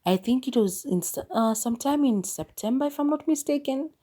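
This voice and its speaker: Chatty Kenyan woman podcast host. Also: sits high. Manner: chatty, animated storytelling with quick asides. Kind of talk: casual solo podcast monologue.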